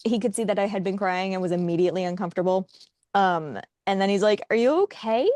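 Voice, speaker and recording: A young woman co-hosting a casual chat, telling a story in a wry, animated way and acting out what others said. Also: medium pitch, quick pace, no room sound. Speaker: podcast co-host.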